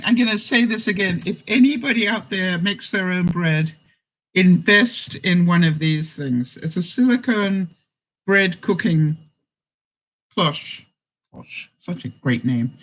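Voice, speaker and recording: A woman's voice: medium pitch, lively intonation, moderate pace, poor audio. A woman chats to her viewers in a loose, homey way. She speaks bluntly and breaks into laughter often. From Canada. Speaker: vlogger. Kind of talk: casual live chat to viewers.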